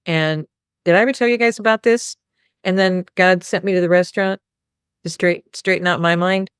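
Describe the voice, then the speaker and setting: Woman, spiritual talk host, rambling storyteller, lowish pitch, dry close sound. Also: fairly even intonation, moderate pace, clear, resonant tone, no room sound. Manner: rambling storytelling, quoting God and others. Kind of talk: casual spiritual talk to a small group.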